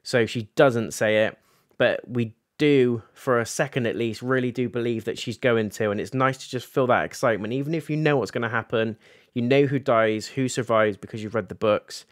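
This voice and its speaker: A man chats through a TV episode recap, voicing characters' lines as he goes. His voice sits at an ordinary middle pitch, and the sound is dry and close. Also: normal speed, no room sound. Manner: animated, recaps scenes and acts out characters' lines. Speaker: TV reviewer. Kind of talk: casual episode review.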